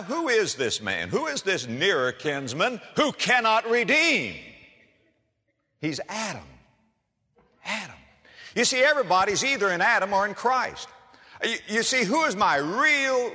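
A man's voice: high voice, big pitch swings, unhurried, sharp tone, breathy edge. A man preaching a sermon in a folksy storytelling manner, with humor, addressing listeners as friends. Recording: reverberant hall.

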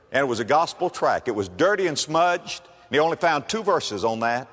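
A male pastor preaching a sermon in a church, telling a story with swings from hushed prayer to shouted climaxes. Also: on the high side, expressive, moderate pace, hardly any pauses. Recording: long hall reverb.

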